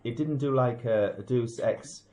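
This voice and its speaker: A man's voice: mid-range voice, a little slow, a little mellow. A man co-hosting a casual podcast, picking apart a film in an analytical, rambling way with many restarts. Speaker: podcast co-host. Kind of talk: casual film review chat.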